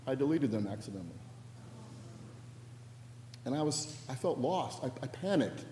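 A middle-aged male pastor delivers a sermon with a mellow, warm tone, weaving personal stories into a reflective message. His voice rings out in a large church sanctuary with a long reverb tail and a faint hum of room ambience. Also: mid-range voice.

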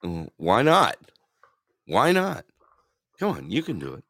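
A man's voice: on the low side, huge pitch swings, unhurried, long pauses, a bit bright, dry recording, studio quality. A man hosting a casual online radio talk show, rambling and teasing with frequent laughter. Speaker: host.

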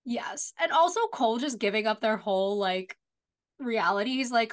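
A woman co-hosting a podcast, chatting casually about a TV episode in a relaxed, agreeable way with lots of filler words. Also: fairly high pitch, moderate pace. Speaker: podcast co-host.

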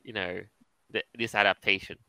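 Man, low voice, very bright and smooth, measured podcast chat, dry room. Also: steady tone, no echo, rough recording. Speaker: podcast co-host. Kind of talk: casual chat.

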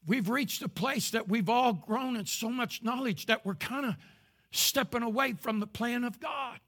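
An older man preaching a sermon as pastor to a live congregation, his passion swelling into shouts. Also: very high voice, moderate pace. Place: church service before a live congregation.

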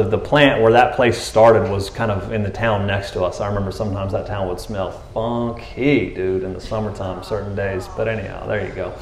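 A man's voice: lowish voice, vocal fry, reverberant. A man preaching a casual sermon as pastor, chatting and joking and acting out the people in the story. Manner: conversational, jokey, acts out voices of people in the story.

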